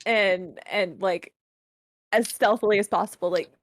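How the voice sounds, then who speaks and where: A woman's voice: medium pitch, measured pace. A woman player at a tabletop game, making playful moves in casual chat.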